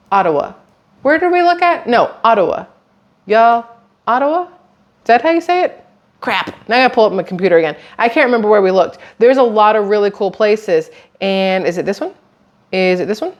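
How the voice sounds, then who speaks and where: A woman, chatting casually to camera in a rambling, animated way. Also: medium pitch. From southern United States. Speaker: vlogger.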